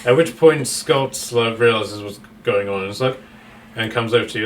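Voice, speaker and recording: A man's voice: medium pitch, normal speed, distant mic, slight background noise. A man narrating a tabletop game as game master, rambling with many fillers and restarts.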